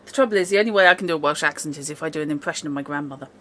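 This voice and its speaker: A woman at a tabletop game, chatting casually with lively, quick remarks. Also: low voice. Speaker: tabletop player. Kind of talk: casual chat.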